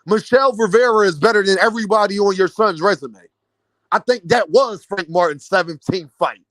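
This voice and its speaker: High-pitched man ranting about boxing. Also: fairly quick, fairly bright tone, dry recording. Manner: incredulous, mocking, addresses viewers as y'all. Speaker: boxing commentary vlogger. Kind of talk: animated boxing rant.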